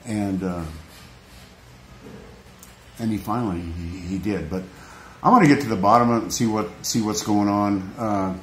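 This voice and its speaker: A man's voice: on the low side, fairly even intonation, normal speed, long pauses. A man vlogging off the cuff, earnest and rambling, often restarting and repeating his phrases. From United States. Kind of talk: emotional unscripted vlog rant. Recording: echoey room, faint background noise.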